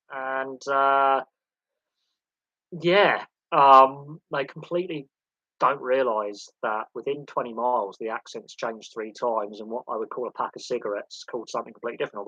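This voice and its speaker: A man's voice: mid-range voice, bright, forceful tone, no echo, dull audio. A man hosting a casual sports livestream, rambling and opinionated as he jumps from one example to the next. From England.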